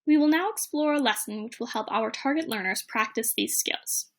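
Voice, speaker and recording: A woman presenting a teaching plan in a measured, read-aloud narration. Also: fairly high pitch.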